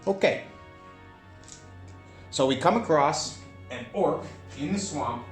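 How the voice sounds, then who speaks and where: A man narrating a solo tabletop game, thinking aloud with many pauses and fillers. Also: fairly high pitch, lively intonation, echoey room, soft background music.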